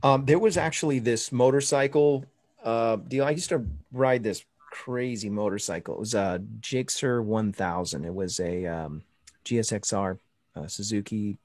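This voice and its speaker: A man who is a pastor, telling animated stories in a casual chat over a video call. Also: fairly low pitch, moderate pace, dry recording. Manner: storytelling, animated, laughs often. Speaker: podcast guest and pastor.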